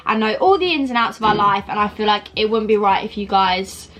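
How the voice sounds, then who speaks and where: A woman's voice: medium pitch, expressive, fairly quick, fairly bright tone. A young woman from the UK chatting casually to camera in a vlog, out of breath and rambling with lots of "like" and "um". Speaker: vlogger.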